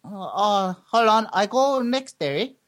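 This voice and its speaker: A man's voice: big pitch swings, a bit bright. A man voicing a timid shopper with broken English who haggles over a coconut price. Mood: polite haggling. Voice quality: squeaky, halting.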